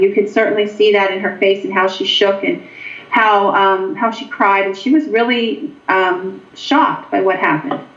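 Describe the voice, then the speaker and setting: A woman's voice: medium pitch, fairly bright tone. A woman, a guest paranormal investigator, telling a long ghost anecdote with frequent ums. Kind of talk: storytelling in a show interview. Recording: echoey, dull lo-fi line.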